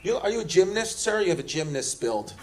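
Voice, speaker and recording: A man's voice: high-pitched, very animated, brisk, heavy background noise. A man doing brash, profane stand-up and teasing people in the crowd at a comedy club. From Queens, New York. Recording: live club with loud crowd laughter.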